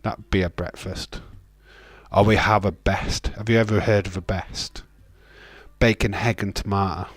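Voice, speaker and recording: In a lowish, steady voice and an unhurried pace, a man from the United Kingdom hosts a livestream with no echo. He keeps up a casual, jokey, ranting exchange with his chat, laughing along the way.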